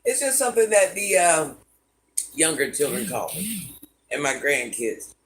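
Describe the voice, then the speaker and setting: A woman's voice: sits low, lively intonation, unhurried. Easygoing grandmother chatting on a livestream. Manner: easygoing, answers chat comments one by one, addresses viewers by name. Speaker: livestream host reading viewer comments. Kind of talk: casual live-stream chat.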